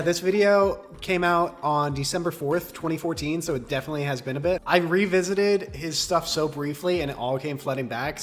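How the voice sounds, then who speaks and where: A man in his twenties giving casual, joking reaction commentary, laughing often. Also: on the high side. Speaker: video commentator.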